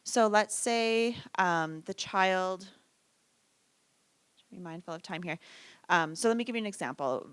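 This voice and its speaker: A woman's voice: on the low side, fairly bright tone, clean tone, dry recording. A woman presenting a parenting workshop in a conversational manner, often asking "right?" and acting out short lines from parents and children. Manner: conversational, frequent "right?" tag questions.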